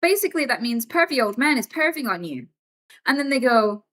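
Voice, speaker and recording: Blunt, bright-voiced woman streamer. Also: sits high, big pitch swings, brisk. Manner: blunt, exasperated, frank. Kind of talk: casual livestream chat.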